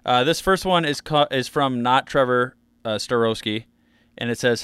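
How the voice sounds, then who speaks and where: A man's voice: mid-range voice, moderate pace, a bit bright, clear, resonant tone, no room sound. A man co-hosting a casual podcast, rambling through topics with lots of fillers and restarts. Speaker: podcast co-host.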